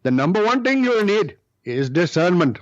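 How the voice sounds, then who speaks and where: A man's voice: high voice, very animated, dull audio, voice pushed up. A man putting on an older Indian spiritual teacher. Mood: solemn teaching. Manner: slow, measured pronouncements.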